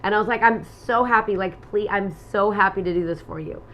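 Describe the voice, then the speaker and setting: A middle-aged woman co-hosting a relationship talk show, telling personal stories with animated energy and acting out the lines she quotes. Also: medium pitch, brisk, a little hiss or hum, low-quality recording. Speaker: relationship podcast co-host. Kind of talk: casual chat.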